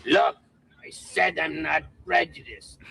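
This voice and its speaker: A hot-tempered European cab driver with a deep gravelly rasp who rants at an unhurried pace. He sounds set back from the mic. Heavy street noise runs behind him. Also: little pitch movement, exaggerated voice. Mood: angry. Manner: ranting, threatening, slow. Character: bigoted, hot-tempered older male taxi driver. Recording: distant voice over loud traffic.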